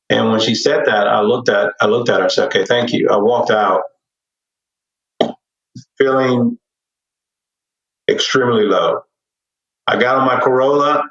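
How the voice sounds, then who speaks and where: A middle-aged man telling his own story as a podcast guest, earnest and candid, animated as he relives it. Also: lowish voice. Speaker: podcast guest, real estate investor. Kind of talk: personal storytelling in a podcast interview. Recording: dull, roomy sound, distant from mic.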